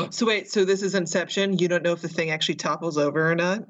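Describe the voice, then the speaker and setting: A woman's voice: lowish voice, steady tone. Woman co-host, dry sarcastic quips, slightly muffled recording. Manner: sarcastic, quick reactions. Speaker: podcast co-host. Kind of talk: casual movie review chat.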